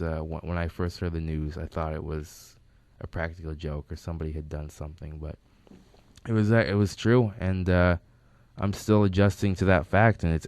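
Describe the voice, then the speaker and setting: A man's voice: low voice, darkish tone, smooth, dry recording. A man telling rambling, casual stories about a late friend in a recording studio. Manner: rambling, with restarts. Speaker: friend giving a tribute. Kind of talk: casual storytelling.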